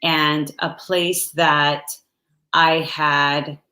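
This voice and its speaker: Woman, reflective storyteller, slow, halting, bright tone, roomy echo. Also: deep voice, flat delivery. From United States. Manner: slow, soft-spoken and halting. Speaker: guest. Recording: echoey room.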